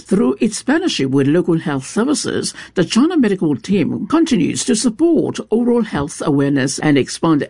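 A man's voice: a little high, a little mellow, slightly rough, no echo, studio quality. A man reading a scripted evening news bulletin as anchor, formal with the occasional small stumble.

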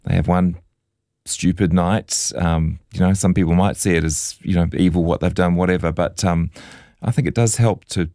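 A man's voice: sits low, fairly even intonation, normal speed, mellow, no room sound, studio quality. A man hosting an interview, speaking thoughtfully and carefully, picking his words with some hesitation. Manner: careful, hesitant, many fillers and restarts. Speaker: interviewer, podcast host.

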